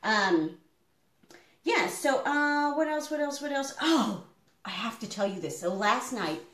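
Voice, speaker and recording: Slightly high, animated, and fairly bright, this middle-aged woman's voice is a little slow as she cooks in her home kitchen during a live stream. A homestead vlogger, she rambles casually with plenty of fillers, and the room has an echo.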